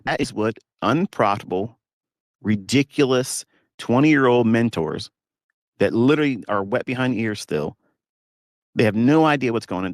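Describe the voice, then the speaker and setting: A man's voice: medium pitch, no echo, studio quality. A man working as a trading mentor, talking casually to his viewers from his parked pickup truck in an emphatic, scornful rant with mocking asides.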